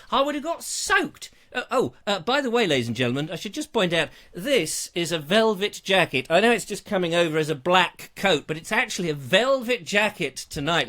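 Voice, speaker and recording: A man's voice: sits high, pushed and bright. A man hosting a live online show, chatting in a playful, jokey, theatrical way. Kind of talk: casual live-stream chat.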